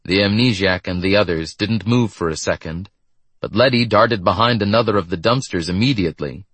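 A man with a husky voice reading a story in steady scripted narration. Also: fairly low pitch, fairly quick, no echo.

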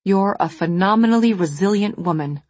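A woman voicing an earnest, measured man with a professional bent, in an audiobook. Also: medium pitch, a little mellow, dry recording, natural voice. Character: calm male professional, counselor-like.

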